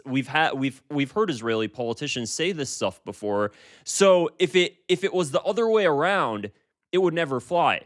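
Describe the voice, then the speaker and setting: A man's voice: fairly high pitch, lively intonation, moderate pace. A man in his twenties giving casual political commentary, emphatic and repeating himself with frequent restarts. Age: 20s.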